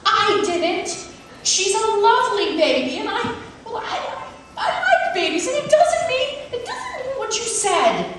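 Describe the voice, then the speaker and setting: A woman's voice: extremely high pitch, very animated, measured pace, a bit bright, a little hiss or hum, voice pushed up, full character voice. A woman voicing a flustered mother in a storybook reading, protesting shrilly. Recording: echoey hall, distant mic.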